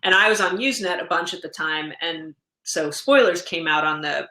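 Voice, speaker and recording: A woman's voice: deep voice, moderate pace, pushed and bright. A woman in her thirties, co-hosting a podcast and telling long, rambling stories in casual chat. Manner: chatty, rambling storyteller. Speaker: podcast co-host. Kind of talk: casual chat about comics and TV. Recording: echoey room.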